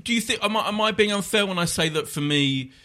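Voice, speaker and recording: A man hosting a casual football podcast, animated and opinionated, with quick asides. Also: sits high. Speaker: podcast host.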